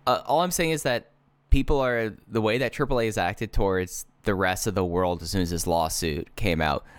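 A man's voice: lowish voice, moderate pace, smooth, no room sound. A man in casual podcast chat who argues his point and stumbles on repeated words. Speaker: podcast co-host.

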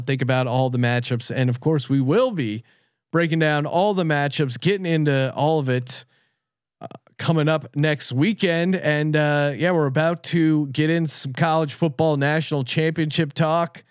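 A man hosting a sports betting podcast in casual chat, teasing his guests and quick to laugh. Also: on the high side, clear, resonant tone, dry recording. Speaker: podcast host.

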